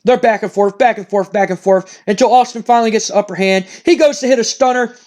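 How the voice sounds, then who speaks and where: High-voiced male gaming host, excitable play-by-play of a wrestling sim, repeats himself. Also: quick pace. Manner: excitable, repeats phrases, stumbles and swears when surprised.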